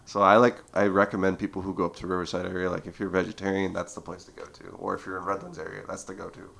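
A young man in his twenties speaks in a very low voice. He talks in relaxed conversation as a podcast guest, telling stories with lots of filler words. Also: very fast, creaky. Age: 20s. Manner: lively storyteller, heavy filler "like". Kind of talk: casual chat.

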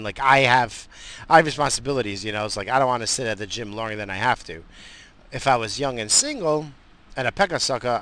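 A man's voice: medium pitch, pushed and bright. A man ranting in a casual, profane, rambling way, with lots of fillers, as if talking from his car.

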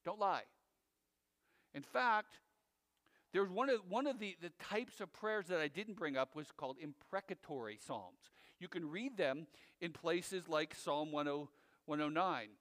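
A man preaching a sermon as pastor, in an animated, conversational way with asides to his listeners. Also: a little high, unhurried, in a large hall.

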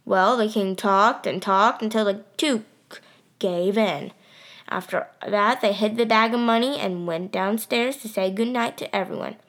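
A woman's voice: mid-range voice, unhurried, fairly bright tone. A woman narrating a story in first person, telling it plainly and steadily.

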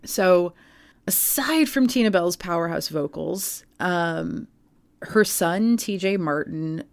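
Low-voiced woman chatting on a podcast. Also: takes it slowly, creaky, no echo. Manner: chatty storytelling with many fillers. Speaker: podcast co-host. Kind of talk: casual podcast chat.

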